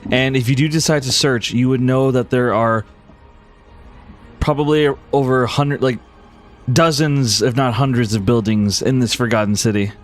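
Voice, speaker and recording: A man narrating calmly as game master of a tabletop role-play. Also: mid-range voice, soft background music. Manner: calm, measured narration.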